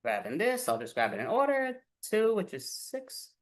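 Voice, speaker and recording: A woman's voice: medium pitch, wildly swooping pitch, normal speed. A woman hosting an improv comedy show, chatting casually in a rambling, self-deprecating way while sorting cards and props. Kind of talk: casual chat.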